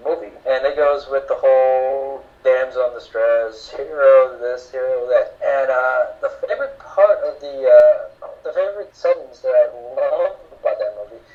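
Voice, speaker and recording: A man co-hosting a casual movie podcast, speaking hesitantly with many pauses. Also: mid-range voice, narrow, tinny audio. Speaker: podcast co-host. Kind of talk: casual movie review chat.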